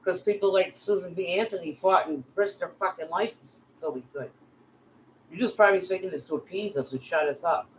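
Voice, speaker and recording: A woman's voice: fairly low pitch, brisk, a little hiss or hum, rough recording. A middle-aged woman vlogger giving a heated, profane rant straight at her critics. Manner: profane, heated, addresses bullies directly. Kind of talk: angry direct-to-camera rant.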